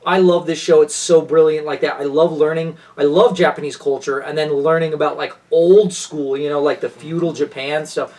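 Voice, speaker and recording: Excitable man gushing a little off-mic. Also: a little high, moderate pace, few pauses, far from the mic. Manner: enthusiastic, gushing, rambling with many restarts. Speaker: podcast co-host. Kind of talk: casual chat.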